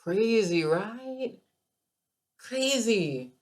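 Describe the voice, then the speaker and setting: Woman, podcast host, keto coach, passionate monologue, emphatic, animated, repeats herself for emphasis. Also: mid-range voice, slow.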